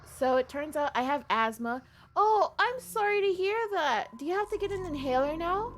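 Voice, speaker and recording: A woman's voice: very high voice, expressive, moderate pace, fairly bright tone, a little hiss or hum. A woman streaming a game live, chatting casually and reading game text aloud.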